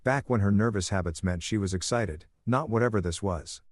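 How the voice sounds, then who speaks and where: A man narrating a first-person story in a calm, soothing reading voice on a close mic. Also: on the low side, fairly quick, no room sound.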